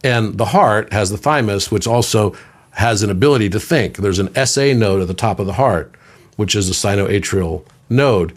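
A man in his fifties, a podcast guest, talking in a conversational, storytelling way, sometimes doing voices for quoted people. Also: normal speed. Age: 50s. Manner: animated storyteller, puts on high voices for quoted children.

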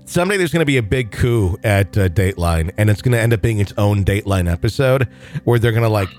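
A man hosting a podcast, chatting casually and reading a listener's letter aloud in a relaxed, joking way. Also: lowish voice, fast talker, faint music behind. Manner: relaxed, joking, with many fillers. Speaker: podcast host.

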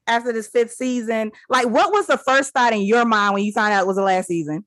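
A woman's voice: fairly high pitch, fairly even intonation, fairly quick, few pauses, a bit bright, dry recording. A woman hosting a podcast, gushing and chatty as she asks her guest questions. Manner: gushing, chatty, lots of "like" fillers. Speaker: podcast host. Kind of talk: casual interview chat.

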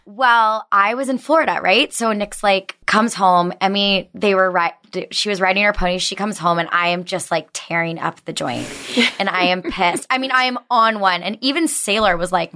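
Animated woman telling a story. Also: moderate pace. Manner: animated storyteller, acts out quotes with big pitch jumps. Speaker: guest. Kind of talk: casual podcast chat.

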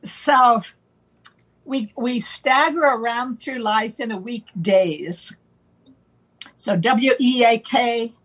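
Slow, husky-voiced woman guest. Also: a little high, poor audio. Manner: playful wordplay, slow and deliberate, laughs often. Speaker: guest on a talk show. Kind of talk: relaxed conversational explanation.

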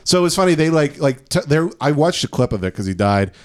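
A man's voice: on the high side, fast. A man co-hosting a comedy podcast, talking casually and jumping into exaggerated impressions. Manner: animated, jumps into exaggerated impressions. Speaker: podcast co-host.

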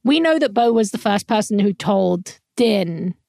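A woman's voice: mid-range voice, expressive, a little slow, gravelly, warm tone, no echo, studio quality. A woman co-hosting a podcast, chatting casually with enthusiasm and jokes. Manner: enthusiastic, jokey, quotes characters. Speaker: podcast co-host. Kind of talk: casual recap chat.

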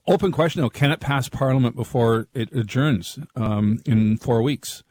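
A man giving political analysis on a talk radio show, in a measured, analytical way. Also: mid-range voice, a little mellow, dry recording. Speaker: political commentator.

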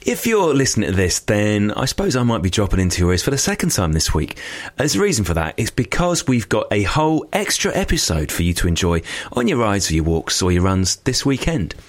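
A man's voice: on the low side, very animated, fairly quick. A man co-hosting a podcast, cheerful and chatty as he tells stories in casual chat. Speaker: podcast co-host.

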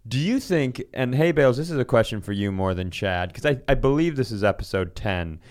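A man co-hosting a comedy podcast, riffing with quick jokes and sudden shifts of pace. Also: mid-range voice, animated, a little mellow. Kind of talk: casual banter.

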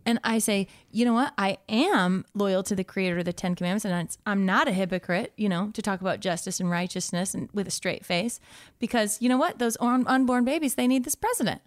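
A woman's voice: mid-range voice, fairly quick, dry recording, studio quality, natural voice. A woman voicing a chipper, self-righteous evangelical megachurch host who speaks bubbly and full of churchy catchphrases, in an improvised satire. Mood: perky smug. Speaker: podcast host. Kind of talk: improvised satirical character comedy.

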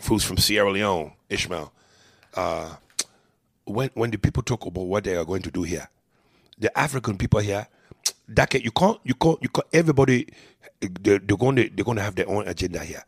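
A low, gravelly man with a husky rasp holds forth in a casual chat, his pitch leaping around as he gets animated. He swears freely and keeps breaking into quick impressions. The sound is dry and close. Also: no echo. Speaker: podcast co-host. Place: hotel room.

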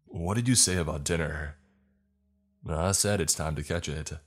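A man's voice: very deep voice, normal speed, slightly rough. A man doing a surly, snide husband. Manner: snide, yelling. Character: surly, rude young husband, sulky and loud.

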